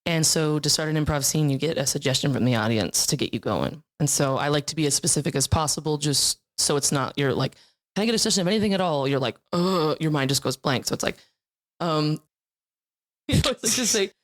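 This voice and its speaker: A young woman from Iowa, a guest on a podcast, telling improv stories in a bubbly, animated way and laughing often. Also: sits low, fairly quick. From Iowa, USA. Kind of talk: casual chat.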